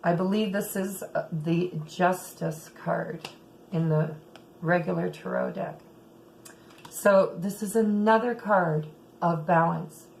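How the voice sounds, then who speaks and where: Middle-aged lady doing a tarot reading, low and a bit husky-rough, keeps saying okay. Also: steady tone, slow, darkish tone, slight background noise, low-quality recording. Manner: chatty, says okay often, laughs. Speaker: tarot reader. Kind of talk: casual tarot reading monologue.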